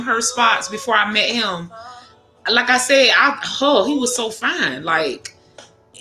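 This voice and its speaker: A woman's voice: fairly high pitch, pushed and bright. Salty, laughing woman host in an echoey room. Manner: frank and salty, lots of cursing and laughter. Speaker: livestream host. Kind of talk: casual chat to viewers. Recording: echoey room with music behind.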